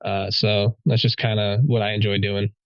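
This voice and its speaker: A police officer guest telling a story in a casual podcast chat, rambling with many fillers and a wry sense of humor. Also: male voice, lowish voice, level tone, normal speed, no echo, muffled recording.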